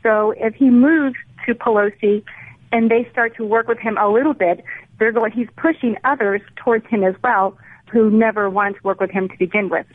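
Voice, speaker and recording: A woman's voice: fairly high pitch, steady tone, moderate pace, slightly rough, dry recording. A woman calling in to a radio talk show, hesitant at first and earnest in her views. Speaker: caller. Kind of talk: call-in radio conversation. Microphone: telephone. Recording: tinny phone line.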